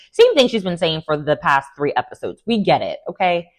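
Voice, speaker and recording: A woman hosting a casual reality TV recap, animated and sassy, full of slang and quick laughs. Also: lowish voice. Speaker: TV recap host.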